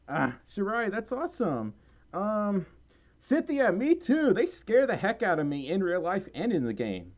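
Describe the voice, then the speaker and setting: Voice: medium pitch, wildly swooping pitch, measured pace, a little mellow. A person hosting a casual home livestream, tired and a little out of breath, rambling and giggling while reading viewer messages aloud at a desk microphone. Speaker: livestream host reading chat and donations. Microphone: desk microphone close by.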